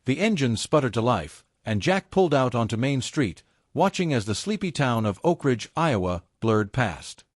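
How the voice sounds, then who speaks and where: A man reading a story as its narrator in a measured, descriptive way. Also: medium pitch, big pitch swings, no echo, studio quality.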